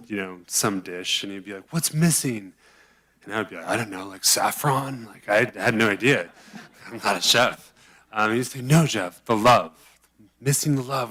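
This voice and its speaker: A man's voice: on the low side, pushed and bright. A man giving a heartfelt, emotional public-comment tribute in a county board meeting chamber. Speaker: county board office staffer.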